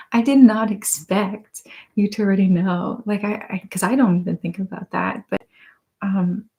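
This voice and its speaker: An ASMR channel host with a medium-pitched, gravelly voice runs a live stream on binaural microphones. She softly reads viewer comments aloud while stifling giggles.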